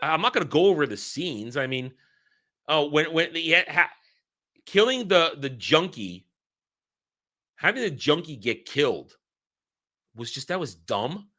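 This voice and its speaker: A man's voice: a little high, sing-song, unhurried, long pauses, pushed and bright. A man giving a blunt, exasperated film review, swearing freely and repeating himself for emphasis.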